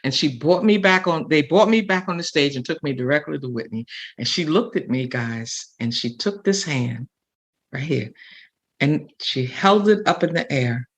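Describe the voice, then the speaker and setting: An older woman, a guest comedian, telling a story with feeling and acting out other people's words in lively voices. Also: deep voice, moderate pace. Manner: animated storyteller acting out quotes. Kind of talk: emotional storytelling.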